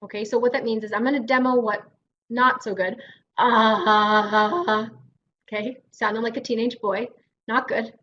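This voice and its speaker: Speaking fast in a fairly high, fairly even voice, a Canadian woman who works as a speech-language pathologist encouragingly guides a class through voice exercises and demonstrates the drills. The recording sounds dull, with slight background noise.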